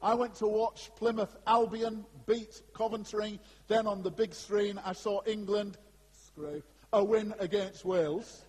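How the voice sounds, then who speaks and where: A man preaching a sermon to a congregation in an animated, conversational way, with asides to his listeners. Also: sits high, a little slow. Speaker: pastor. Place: church before a congregation. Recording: long hall reverb.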